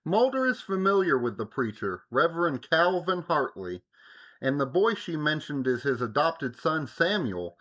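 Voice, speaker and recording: A man's voice: fairly high pitch, sing-song, normal speed, pushed and bright. A young adult man co-hosting a podcast, recapping an episode with joking asides. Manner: joking, summarizes plot with playful asides. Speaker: podcast co-host. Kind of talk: casual chat and episode recap.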